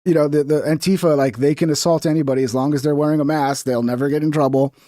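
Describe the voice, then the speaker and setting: A man in his thirties with a slightly high voice, riffing through reaction commentary with sarcasm and plenty of swearing. He talks in a rambling, casual way, and the recording is dry and close. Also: fairly even intonation, quick pace, warm tone, no echo. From Texas.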